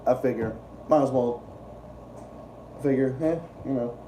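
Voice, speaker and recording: A man's voice: medium pitch, a little slow, dark tone, echoey room, distant mic, a little hiss or hum. A young man hosting a livestream, ranting in a profane, repetitive and exasperated way. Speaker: political livestream host. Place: room at home, eating while streaming.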